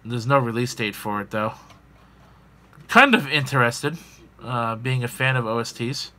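A man's voice: mid-range voice, expressive, unhurried, pushed and bright. A man hosting a casual gaming news podcast, rambling with fillers and jokes. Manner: rambling, filler-heavy, joking. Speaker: podcast host.

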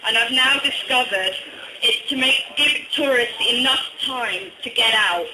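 A man with a slight northern English accent, from Durham, doing a hesitant stand-up comedy set full of ums and deadpan one-liners. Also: very high-pitched, unhurried, noisy background. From Durham, England. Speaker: stand-up comic. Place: small bar venue, indoors. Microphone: phone recording from the audience. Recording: echoey bar, phone-recorded.

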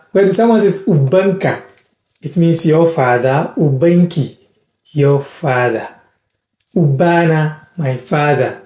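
Ghana guy teaching live, kinda high voice, warm and mellow, thanks viewers by name. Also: reverberant. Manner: repeats words slowly, thanks viewers by name. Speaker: language teacher on a live stream. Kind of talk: casual live-stream lesson.

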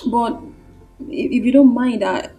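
A woman playing a hesitant, soft-voiced woman. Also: a little high, unhurried, natural voice. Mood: shy. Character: anxious young woman asking for help. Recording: echoey room with music under.

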